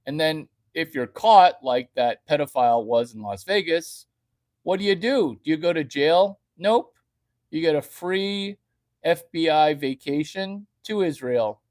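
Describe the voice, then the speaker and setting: A man delivering a rambling, crude comedic rant, jumping from loud bursts to hushed baby talk. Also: a little high, expressive, a little slow. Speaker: vlogger.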